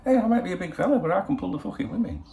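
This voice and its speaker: A man's voice: high-pitched, big pitch swings, very fast, gravelly, mellow, a little hiss or hum. A middle-aged man hosting a football channel, chatting casually in a rambling, cheeky way full of swearing. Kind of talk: casual chat. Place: in Spain.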